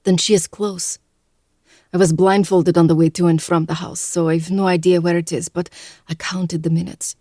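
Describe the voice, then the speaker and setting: A man's voice: high-pitched, level tone, normal speed, warm tone, no room sound, clean studio sound, voice pushed up. A man voicing a guarded young Russian woman with a heavy Russian accent, speaking bluntly in an audiobook reading. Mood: steady.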